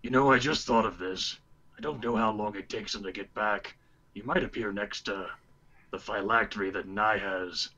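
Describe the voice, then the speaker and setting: During casual tabletop play, a player hesitantly describes his character's actions with many fillers. His voice is on the low side, bright and forceful at a moderate pace, though the recording is muffled.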